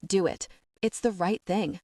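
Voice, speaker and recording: A woman's voice: mid-range voice, measured pace, mellow, dry recording, clean studio sound, natural voice. A woman voicing a remorseful young man who begs desperately, in an audiobook reading.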